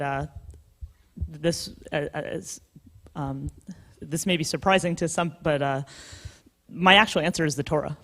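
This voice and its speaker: Woman, novelist, conference panel, thoughtful, hesitant, lots of ums and restarts. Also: sits low. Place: conference hall.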